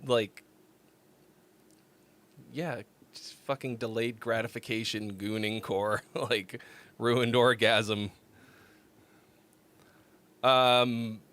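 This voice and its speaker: Congested man with a bright, sick-sounding voice. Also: medium pitch. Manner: loose, profane, rambling with fillers. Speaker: streamer critiquing listener songs. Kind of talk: casual livestream mix critique.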